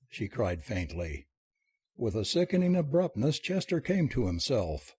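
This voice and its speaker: A man narrating a comic story as an audiobook reader, reading in a lively, expressive way. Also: mid-range voice, a little slow, slightly rough, dry recording.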